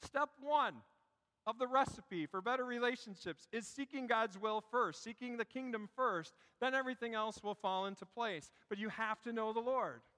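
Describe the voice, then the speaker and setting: High, bright-voiced preacher in a reverberant hall. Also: male voice, normal speed. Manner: storytelling preacher, dropping to a hush for emphasis. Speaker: pastor. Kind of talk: sermon.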